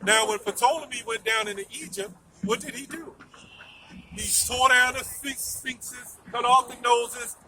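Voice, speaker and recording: A man's voice: extremely high pitch, fairly even intonation, measured pace, pushed and bright, recorded from a distance, a little hiss or hum, rough recording. A man preaching in a street debate, emphatic, asking questions and repeating his phrases.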